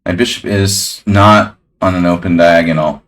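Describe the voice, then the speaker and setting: A man's voice: deep voice, steady tone, moderate pace, a bit bright. A man casually commenting on his own chess game on a live stream, rambling and talking to his chat.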